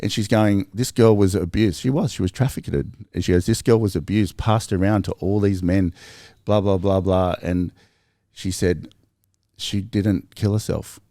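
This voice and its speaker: A man with an Australian accent, telling stories in a casual podcast chat, rambling and animated with lots of fillers. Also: low voice, a little slow, no room sound, clean studio sound.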